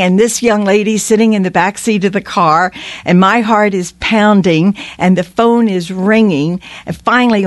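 A woman's voice: medium pitch, dry recording. A woman on a radio show, earnestly telling a long personal story and acting out the voices of the people in it. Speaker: guest.

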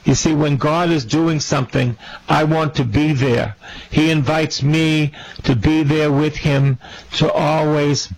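A man's voice: a little high, fairly even intonation, a little slow, low-quality recording. A man preaching a sermon as a priest, fervent and repeating his phrases for emphasis.

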